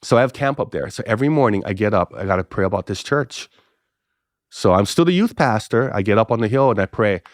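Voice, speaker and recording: Middle-aged pastor, animated storyteller, dry close mic. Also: male voice, quick pace, dry recording. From Hawaii. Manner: animated storyteller, acts out both sides of dialogue with pitch jumps. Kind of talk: casual storytelling podcast interview.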